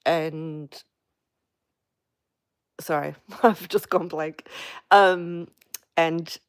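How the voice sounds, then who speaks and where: A woman speaking frankly in a casual live personal vlog, halting with many fillers and restarts as she vents. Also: low-pitched, dry recording, clean studio sound. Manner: frank, venting. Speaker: vlogger on a live stream.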